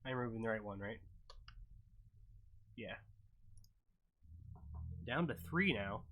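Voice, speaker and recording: A man casually commentating a live-streamed racing game, chatty and offhand with sudden excited yelps at crashes. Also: lowish voice, takes it slowly, a little hiss or hum.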